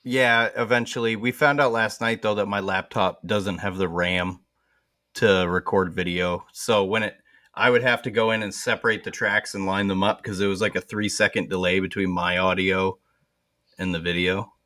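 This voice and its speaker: A man's voice: low voice, level tone, normal speed, pushed and bright, no room sound, studio quality. A man hosting a podcast in casual chat, joking and laughing often. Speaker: podcast host.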